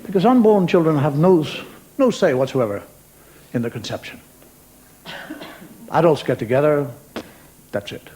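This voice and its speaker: A man's voice: on the high side, lively intonation, moderate pace, long pauses, warm tone, slight background noise, poor audio. A man performing a wry, chatty stand-up monologue, talking straight to a live studio audience. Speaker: stand-up comedian.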